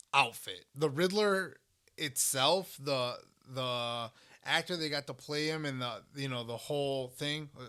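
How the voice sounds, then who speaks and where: A man's voice: medium pitch, bright, forceful tone, smooth. A man co-hosting a podcast in casual chat, rambling with many fillers and swearing for emphasis. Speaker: podcast co-host.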